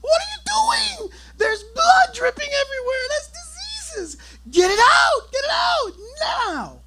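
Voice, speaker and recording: A man's voice: very high-pitched, very animated, a little slow, pushed and bright, raised voice, a little hiss or hum, pitched above the performer's own voice, exaggerated voice. A man putting on a shrieking frantic wife. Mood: hysterical. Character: hysterical screaming Latina wife, shrill and frantic.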